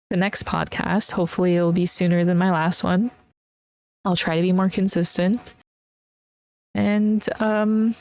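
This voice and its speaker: A young woman hosting her own podcast, talking in an earnest, emotional and encouraging way, with many pauses and fillers. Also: on the low side, a little mellow, clean tone. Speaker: podcast host. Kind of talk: casual solo podcast talk.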